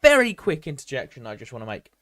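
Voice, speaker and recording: Lively man reading history live. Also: mid-range voice, fast talker, dry recording. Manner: reads aloud with many restarts and asides; chatty, answers live chat. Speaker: history streamer. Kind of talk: live stream reading and commentary.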